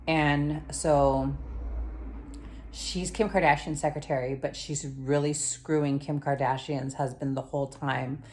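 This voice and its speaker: A young woman with a notably low voice talks through a TV episode recap. Her delivery is loose and rambling, heavy on slang and filler words, like chatting with a friend. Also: a little mellow. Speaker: TV show recap vlogger. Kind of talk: casual spoken show recap.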